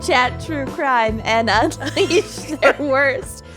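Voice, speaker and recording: A woman's voice: high voice, extremely slow, over music. A woman with a Minnesotan accent co-hosting a podcast, bantering in a giggly casual chat. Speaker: podcast co-host.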